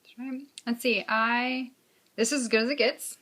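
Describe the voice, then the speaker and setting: Brief: woman co-host, bright tense tone, encouraging and chatty. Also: on the high side, fairly even intonation. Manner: supportive, quick interjections. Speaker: podcast co-host. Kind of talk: casual chat.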